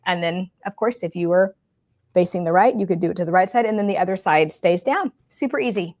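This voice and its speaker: A woman's voice: on the low side, fairly quick, no echo, clean studio sound. A woman, co-hosting a casual podcast about curly hair, chatty and full of asides. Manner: chatty, warm-hearted, lots of fillers and asides.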